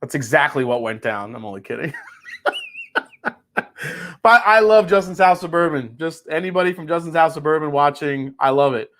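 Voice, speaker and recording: This whiskey livestream host speaks at normal speed in a fairly high, expressive, fairly bright voice. He keeps the tasting chat laid-back, laughing easily and swearing casually every so often.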